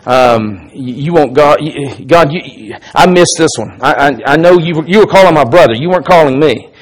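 A man leads a Bible study in a sermon style, with a somewhat higher-pitched voice than most men. He talks casually, often restarting his sentences, then swells louder to drive home key lines. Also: moderate pace. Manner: conversational teaching with frequent restarts, swells in volume for emphasis. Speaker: pastor and Bible teacher.

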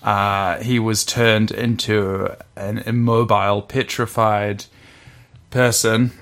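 A man's voice: fairly low pitch, flat delivery, takes it slowly, a bit bright. A man co-hosting a casual podcast, rambling and joking as he acts out bits of dialogue. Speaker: podcast co-host. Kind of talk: casual comic chat about manga.

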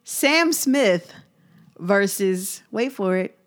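A woman's voice: mid-range voice, lively intonation, extremely slow. Woman host, wry storyteller, mid-range voice. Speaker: podcast host. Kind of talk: casual chat.

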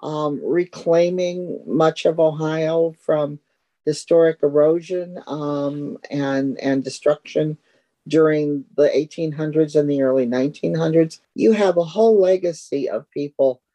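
A woman guest reflecting in a measured way on conservation pioneers during an interview. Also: low-pitched, fairly even intonation, mellow, rough recording.

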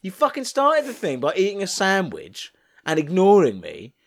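A man co-hosting a podcast, telling absurd stories in a deadpan way and swearing casually. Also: high-pitched, moderate pace. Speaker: podcast co-host. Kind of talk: casual chat.

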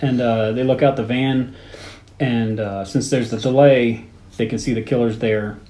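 A man's voice: mid-range voice, fairly even intonation, warm tone. Man recapping a movie in an echoey room. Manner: talks through the plot step by step, with 'uh' pauses. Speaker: podcast co-host. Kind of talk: casual chat, recapping a film. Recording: echoey room, faint background noise.

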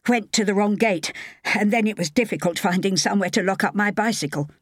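A woman's voice: on the high side, sing-song, moderate pace, no room sound, studio quality, voice pushed up. A woman voicing a dishevelled, cheerful young man who talks eagerly, in an audiobook.

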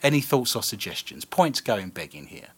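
A man's voice: lowish voice, sing-song, normal speed, slightly rough. A man hosting a live radio show, bantering and joking in a playful, teasing way. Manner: playful, teasing, laughs often.

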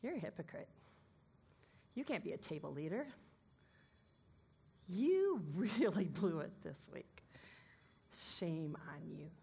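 A woman voicing the devil as a shaming, mocking accuser, speaking low and hushed. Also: big pitch swings, slow, gravelly, pauses often, breathy edge, full character voice. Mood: scornful. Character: sneering accusing devil voice, male spirit.

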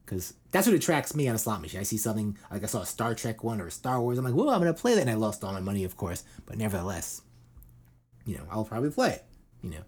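A man's voice: fairly low pitch, expressive, fast talker, slightly rough. A middle-aged man hosting a casual news chat show. He rambles irreverently, swears and fills his talk with "like" and "you know". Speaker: podcast host.

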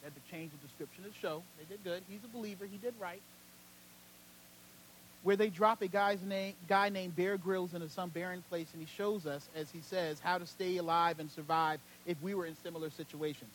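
A man with a strikingly high voice preaches to his congregation. He swings between loud, fervent peaks and quiet, close passages. A faint hum sits under his voice. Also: steady tone, brisk, rough recording. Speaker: senior pastor. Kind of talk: sermon.

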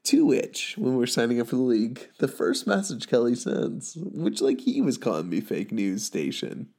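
Gravelly sarcastic man ranting. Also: mid-range voice, huge pitch swings, normal speed, a little mellow. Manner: sarcastic, swearing, ranting, laughing at own jokes. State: sick with covid. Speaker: fantasy league podcaster. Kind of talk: profane rambling recap monologue.

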